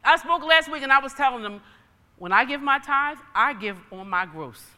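A woman's voice: high voice, lively intonation, moderate pace, pushed and bright, long reverb tail. A woman preacher giving a sermon with personal testimony, emphatic and folksy in her storytelling.

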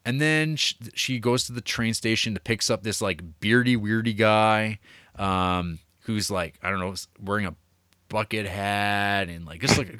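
Rambling, low-voiced man gushing about movies. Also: fairly bright tone, no room sound, studio quality. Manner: rambling, enthusiastic, lots of fillers and profanity. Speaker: podcast co-host reviewing movies. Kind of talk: casual chat.

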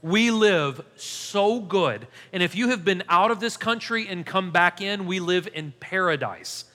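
A male pastor in his thirties preaching a sermon, telling a story with animated, self-deprecating humor. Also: high-pitched, measured pace. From United States. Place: church hall. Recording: long hall reverb.

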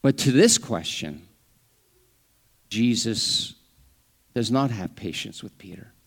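A man preaching a sermon in a conversational style, with humorous asides, acting out the lines he quotes with sudden rises and drops in pitch and volume. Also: animated, takes it slowly, slightly rough. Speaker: pastor.

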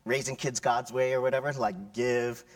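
A man's voice: medium pitch, fairly even intonation, normal speed. A middle-aged male pastor giving a conversational sermon, acting out crying children and tantrums as he talks.

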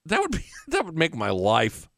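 A man's voice: on the high side, wildly swooping pitch, moderate pace, creaky, very noisy. A man hosting a radio show, talking in a loose, rambling, profane monologue. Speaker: radio host. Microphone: radio studio mic. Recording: dry close studio sound.

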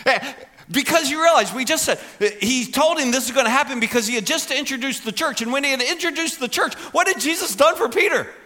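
A male pastor preaching a sermon in an animated, conversational way, acting out quoted lines. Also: very high voice, fast.

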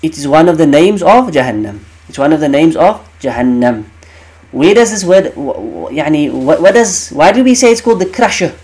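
A man's voice: fairly high pitch, very animated, moderate pace, darkish tone. A man teaching the meaning of Quranic verses in an emphatic way, repeating key phrases and asking rhetorical questions.

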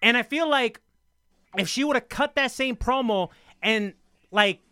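A man hosting a casual wrestling talk show, animated and emphatic, often repeating himself as he makes his point. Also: very high-pitched, unhurried, clear, resonant tone, no echo. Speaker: host.

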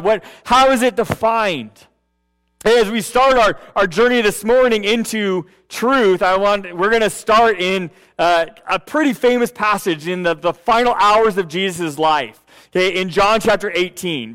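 A pastor with a high, fairly bright voice delivers a conversational sermon. He keeps checking in with listeners using a casual "okay" and "right," often restarting phrases and repeating words.

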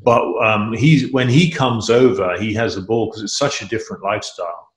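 Middle-aged man, interview guest, rambling, enthusiastic, fairly low voice, echoey room. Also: normal speed. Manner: rambling, restarts often, enthusiastic. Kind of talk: casual interview chat.

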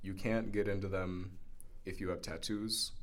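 A man with a very low voice talks casually as a podcast guest. He muses aloud, pauses with fillers and corrects his own words as he goes. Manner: relaxed, musing, self-correcting. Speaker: podcast guest, business co-founder. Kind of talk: casual conversational interview.

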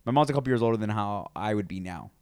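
30s guy on a podcast, smooth voice, dry close mic, tells stories n quotes people. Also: fairly low pitch, animated, very fast, dry recording. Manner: storytelling, acts out quotes with swearing. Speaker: podcast co-host. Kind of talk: casual podcast chat.

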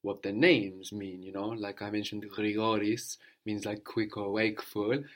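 A man teaching a language lesson, patiently prompting and repeating answers slowly. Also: lowish voice.

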